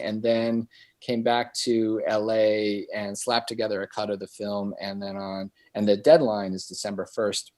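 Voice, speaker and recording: A middle-aged man, a guest filmmaker, telling a long anecdote in casual chat and acting out the voices of the people he quotes. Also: fairly low pitch. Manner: animated storyteller who acts out quoted voices.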